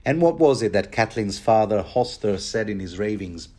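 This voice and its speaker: A man's voice: lowish voice, animated, normal speed, a little mellow. A man giving a rambling, casual book commentary, wry and chatty with many asides.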